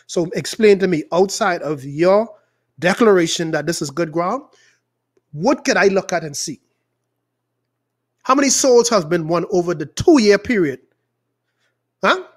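A man's voice: high-pitched, lively intonation, a little slow, long pauses. Fiery Bahamian preacher man. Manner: angry, emphatic, swings between loud outbursts and quieter asides. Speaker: pastor. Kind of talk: impassioned preaching.

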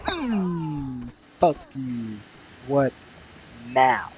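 A man's voice: a little high, measured pace, highs cut off, a little hiss or hum. A young man giving crude, rambling let's play commentary, swearing constantly and muttering at the enemies he fights. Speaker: gamer playing solo.

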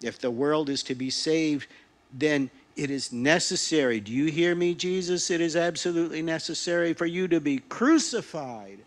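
A man voicing the apostle Paul as a stubborn, zealous preacher, declaiming forcefully. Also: a little high, pitched above the performer's own voice.

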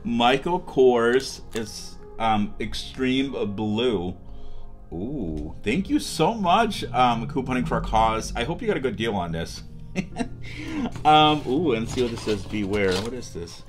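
A young man chats through an unboxing vlog in a gushing, excitable way, full of ums and restarts. His pitch sits right in the middle for a man. Soft music plays faintly underneath. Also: a little slow. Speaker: vlogger.

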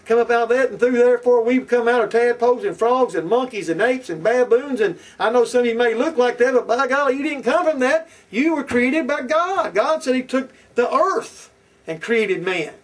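High-voiced fiery man preaching a sermon. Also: normal speed. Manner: preachy, repetitive, fiery and confrontational. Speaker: pastor. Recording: distant from the mic.

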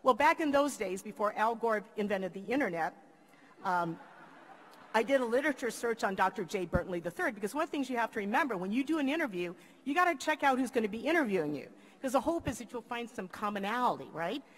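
An older woman from the Philippines giving a commencement speech, telling a lively story and acting out the voices of the people in it. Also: on the high side, fast. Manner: lively, acts out quoted voices. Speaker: commencement speaker. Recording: long hall reverb.

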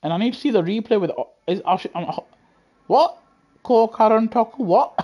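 Man, British accent, young adult, excitable, chatty, live gameplay commentary, headset mic. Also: high-pitched, moderate pace, noisy background. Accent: British English. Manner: chatty, excitable, talks to chat. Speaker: gaming livestreamer. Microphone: gaming headset.

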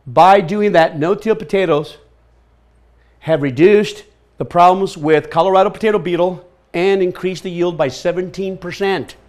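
Guy running a workshop, upbeat and chatty, fires questions at the crowd, voice sits a bit high. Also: moderate pace. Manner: energetic, quizzes the audience. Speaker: workshop presenter. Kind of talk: lively workshop talk. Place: workshop room with an audience.

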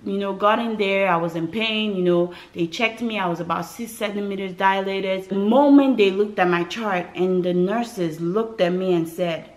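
A woman's voice: medium pitch, normal speed, hardly any pauses, rough recording. A woman from West Africa telling her birth story to camera in a casual, dramatic way, with frequent asides to viewers. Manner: animated, dramatic retelling with acted quotes and asides to viewers.

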